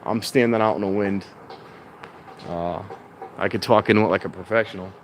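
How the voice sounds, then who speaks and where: A somewhat low male voice with fairly even intonation goes along at normal speed. The man rambles casually in a vlog from a train station in strong wind, correcting himself and raising his voice now and then, using a clip-on mic that plugs into his handheld phone.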